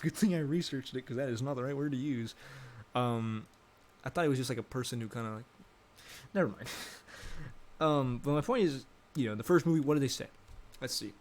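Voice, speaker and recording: A man's voice: mid-range voice, a little fast, a little mellow. Rambling young man thinking aloud. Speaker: vlogger. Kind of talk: casual rambling commentary.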